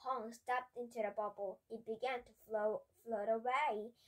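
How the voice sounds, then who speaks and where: A woman reading a children's storybook aloud, slow and careful with small restarts. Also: fairly high pitch, steady tone, rough recording. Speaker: storybook reader.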